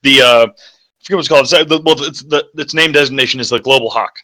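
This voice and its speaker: A man's voice: mid-range voice, fast, bright, forceful tone. A young man co-hosting a casual gaming podcast, rambling and swearing, often correcting himself. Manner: rambling, crude, self-correcting. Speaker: co-host. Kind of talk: casual chat.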